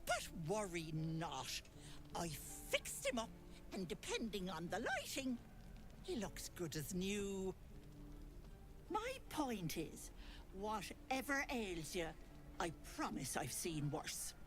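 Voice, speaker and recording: A sly old hag playing a sweet granny, all folksy, fussing and old-fashioned in her speech. She drawls her words slowly while her pitch wanders freely up and down. Soft game music sits behind her. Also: wildly swooping pitch.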